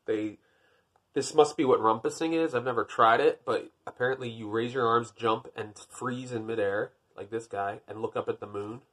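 A man's voice: medium pitch, moderate pace, fairly bright tone. A man reading a picture book aloud, breaking off for dry, wry, self-deprecating jokes between the pages. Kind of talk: storybook reading with joking asides.

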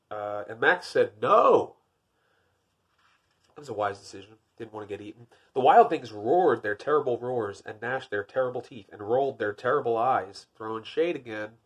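A man's voice: fairly low pitch, slightly rough. A man reading a picture book aloud, breaking off for dry, wry, self-deprecating jokes between the pages. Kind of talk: storybook reading with joking asides.

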